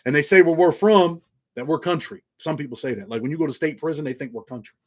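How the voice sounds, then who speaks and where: A man's voice: fairly high pitch, fast talker, darkish tone. A man in his forties from New York with a slight Southern country twang, hosting a casual, streetwise monologue and calling his viewers "man" constantly. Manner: laid-back, streetwise, drops "man" constantly. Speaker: channel host.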